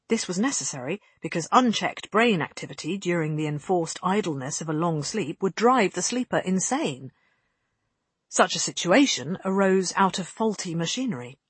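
Husky narrator reading a story, steady and measured, close mic. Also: mid-range voice, no echo. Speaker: audiobook narrator. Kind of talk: scripted narration.

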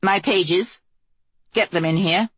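A woman voicing a fierce, ageless queen who speaks in a sharp, commanding way in an audiobook. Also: lowish voice, slow, husky, no room sound, heavily acted.

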